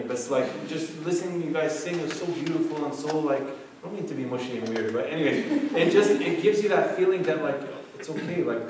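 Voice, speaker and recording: A man's voice: medium pitch, darkish tone, slight background noise. A man in his thirties giving a casual, joking talk to a youth group, full of "like" and "okay". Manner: chatty, jokey storytelling with frequent "like" and "okay". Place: church meeting room. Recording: echoey room from a distant mic.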